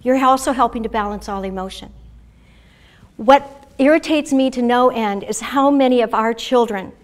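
A middle-aged woman, founder of a self-care method, calmly guides listeners through exercises and tells stories with enthusiasm. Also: a little high, normal speed. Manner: calm, guiding, enthusiastic. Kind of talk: guided instruction and storytelling.

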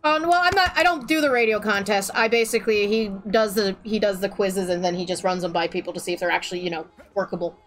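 A woman's voice: mid-range voice, fast talker, few pauses, a little hiss or hum. A woman streaming a game, chatting playfully and giggling with friends. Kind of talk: casual gaming chat.

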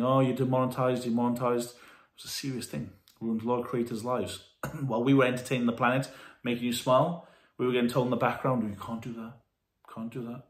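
A man vlogging candidly to camera from a warm room at home, earnest and halting, his voice full of feeling. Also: mid-range voice, reverberant.

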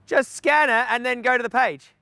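A man's voice: very high voice, fairly even intonation, normal speed, bright, forceful tone, dry recording. A man, an animal rights activist confronting people outdoors by a slaughterhouse, blunt and swearing, recorded on a handheld camera. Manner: blunt, heckling, swears a lot.

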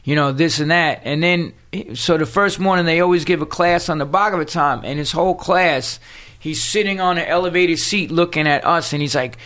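A man's voice: on the high side, moderate pace, fairly bright tone. A man, a guest telling a story in casual conversation, streetwise and full of cursing, acting out the people he quotes. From New York City.

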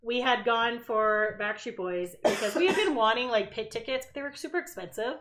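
A woman's voice: on the high side, fairly quick, a crowd in the background. A woman co-hosting a podcast, chatty and casual, swearing now and then. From Canada. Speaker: podcast co-host. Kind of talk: casual chat.

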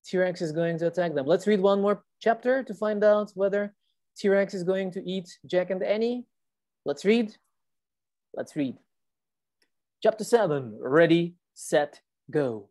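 A woman's voice: mid-range voice, slow pace, long pauses, warm tone, no echo. A woman teacher reading a storybook aloud to children on a video call and patiently explaining the words.

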